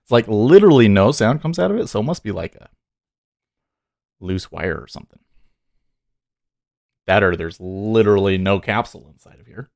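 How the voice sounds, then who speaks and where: A man's voice: lowish voice, expressive, normal speed, creaky, long pauses, darkish tone. Casual guy day trader on a stream, frustrated and cursing, voice swings up and down a lot. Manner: exasperated, swears, rants at charts. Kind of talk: casual livestream commentary.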